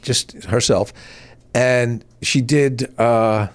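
Sixties male guest, mid-pitched, animated storyteller who acts out the people he quotes. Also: drawn-out words. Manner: animated anecdotes with bursts of high-pitched quoted voices. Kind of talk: casual chat, storytelling.

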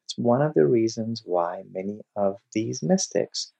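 A man giving a lecture, telling a story in an animated way and acting out its scenes. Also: fairly low pitch, unhurried, vocal fry, muffled recording. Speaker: lecturer on mystic poetry.

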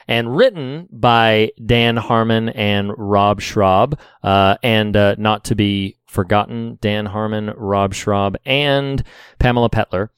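Brief: laid-back podcast co-host, lower voice, smooth and unhurried, halting now and then. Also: male voice, no room sound. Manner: measured, with many "uh" pauses. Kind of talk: casual podcast chat.

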